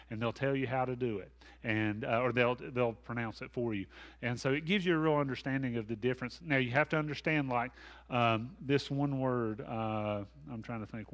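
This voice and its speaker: A man's voice: medium pitch, fairly bright tone. A man, a pastor leading a Bible study in a folksy, conversational way with asides. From American South. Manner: folksy, conversational, with asides and self-deprecating humor.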